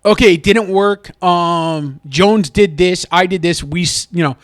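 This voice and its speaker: A man's voice: sits high, unhurried, dry recording, studio quality. A man mimicking a bland football coach. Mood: glib. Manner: canned upbeat clichés, louder. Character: mock press-conference football coach, bland, evasive.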